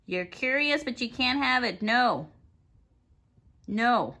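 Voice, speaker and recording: A woman talks to her pet bird at home in a bright, lively voice that swoops from high to low. She coaxes, teases and scolds it gently in doting baby talk. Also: takes it slowly. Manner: playful sing-song scolding, coaxing baby talk. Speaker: pet owner filming her parrot. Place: home indoors, by a fireplace.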